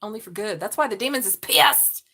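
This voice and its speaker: A woman's voice: medium pitch, lively intonation, fairly quick, bright, forceful tone, slightly rough. A middle-aged woman giving a live-stream tarot reading, blunt and profane, joking and laughing often. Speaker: tarot reader.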